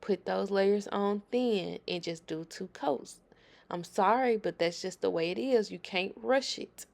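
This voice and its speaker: A woman's voice: medium pitch, a little slow, creaky, darkish tone. A woman hosting a nail tutorial, talking viewers through her work in a chatty, emphatic voice-over.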